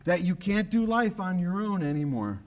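High-voiced preaching man, emphatic. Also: sing-song, normal speed. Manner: emphatic, repetitive preaching with sudden drops to a low, quiet voice. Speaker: pastor. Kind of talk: sermon. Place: church broadcast on radio and online.

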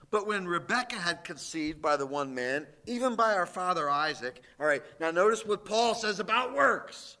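High-voiced male pastor, slow and emphatic delivery, bright tone, sermon in church. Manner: emphatic, dramatic swings in loudness. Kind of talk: sermon with scripture reading.

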